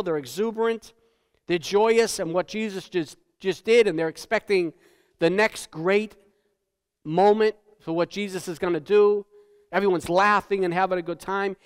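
A male pastor preaching a sermon in a conversational style, often asking "right?" and dropping to a hush for solemn points. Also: high voice, clear, resonant tone. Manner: tag questions, repeats words. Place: church sanctuary. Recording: church hall with long reverb.

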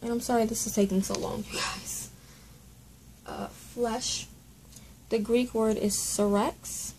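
A woman's voice: fairly high pitch, flat delivery, slow pace, a little mellow, slight background noise, low-quality recording. A woman hosting a casual Bible study at home, chatty and apologetic, spelling out words letter by letter.

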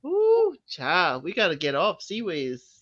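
A man's voice: sits high, huge pitch swings, measured pace, fairly bright tone, no echo, highs cut off. A man co-hosting a podcast in casual chat, dropping wry, joking asides. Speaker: podcast co-host.

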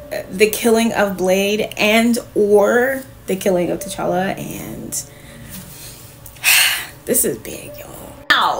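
A woman's voice: fairly high pitch, a little hiss or hum. A woman recapping comic books for viewers in a casual, chatty way, full of "like" fillers and offhand swearing, talking straight to her audience. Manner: addresses viewers directly. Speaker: comic book reviewer.

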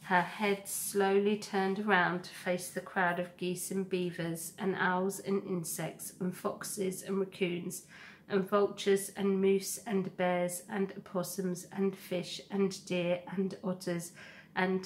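Woman slowly reading a storybook aloud. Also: lowish voice, level tone, slight background noise. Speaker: teacher reading to a class. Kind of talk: reading a children's novel aloud.

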